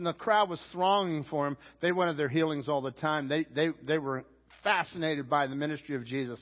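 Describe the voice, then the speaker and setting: A pastor with a Pittsburgh accent preaching a sermon, animated, acting out shouted lines from the text. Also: male voice, a little high, fairly quick. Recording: dull sound with long hall reverb.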